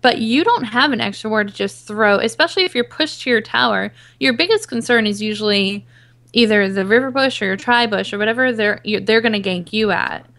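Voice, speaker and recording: A woman on a gaming podcast panel, calmly explaining strategy in casual chat with plenty of fillers. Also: a little high, a little fast, gravelly.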